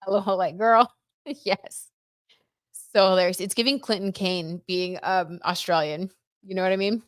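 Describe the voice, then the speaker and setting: A woman's voice: medium pitch, fairly even intonation, unhurried, long pauses, no room sound, clean studio sound. A woman hosting a casual tarot livestream, chatting loosely and reading viewer comments aloud. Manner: chatty, reads viewer comments aloud, frequent "like" and "I don't know". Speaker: tarot reader and livestream host.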